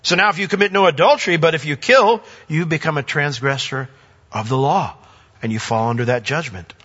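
Animated preacher in a reverberant hall. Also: male voice, fairly quick, slightly rough. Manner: animated, swings from emphatic highs to soft low asides. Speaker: pastor. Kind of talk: sermon. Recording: dull lo-fi audio with long reverb.

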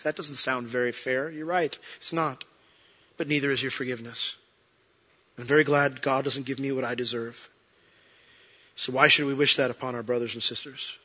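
A man preaching a sermon as a pastor, earnest, swinging between emphatic peaks and soft, quiet moments. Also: mid-range voice, fairly even intonation, normal speed, pauses often, slightly rough, highs cut off.

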